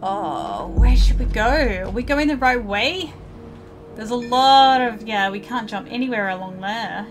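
A woman's voice: on the high side, lively intonation, measured pace, music in the background. A woman giving casual let's play commentary, chatting to viewers and swearing at game characters.

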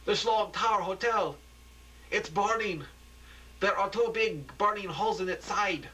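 A man's voice: high voice, a little slow, sharp tone, far from the mic, a little hiss or hum, pitched above the performer's own voice, rough recording. A man voicing a frantic male TV field reporter in a war zone, breathless and panicky. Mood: stunned.

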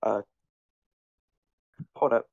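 Halting male caller on a phone. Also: a little mellow, no room sound, muffled recording. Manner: halting, unsure. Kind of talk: phoning in to a livestream.

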